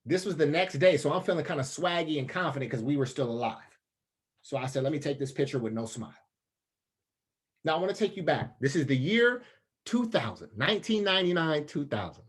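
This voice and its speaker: A man's voice: a little fast, slightly rough. A man in his thirties giving a motivational talk as a storyteller, casual and slangy, acting out the other people's voices. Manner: animated storyteller, acts out voices with big pitch jumps. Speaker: motivational speaker.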